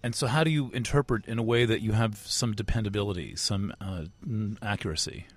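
A man's voice: fairly low pitch, brisk, slightly rough. Man asking probing, teasing questions. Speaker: interviewer. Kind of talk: conversational interview.

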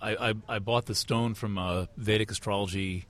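A man from the United States interviewing at a conference, asking thoughtful questions with halting restarts. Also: fairly low pitch, steady tone, a bit bright. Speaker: interviewer, astrology writer.

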